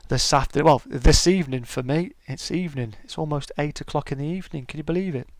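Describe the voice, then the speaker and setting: A man's voice: fairly high pitch, fast, no echo. A middle-aged man hosting a casual live-stream chat, greeting viewers by name and calling them mate.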